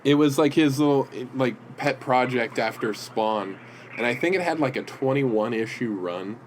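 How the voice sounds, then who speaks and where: A man with a middle-pitched voice chats casually as a podcast co-host, telling stories in a rambling, halting way. Faint ambience sits behind him in a room. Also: a little hiss or hum, low-quality recording. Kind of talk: casual chat. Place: indoor room with comic prints.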